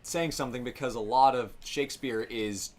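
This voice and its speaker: A man with a mid-pitched voice talks casually as he plays a game. He explains at length and often backs up to restart his sentences. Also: moderate pace. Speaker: co-host. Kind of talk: casual chat while playing a game.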